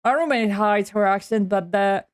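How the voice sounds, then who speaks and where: A woman streamer casually commenting on a game, excitable and quick to swear and laugh, often restarting her sentences in halting English. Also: medium pitch, dry recording. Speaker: VTuber streamer. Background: faint game music.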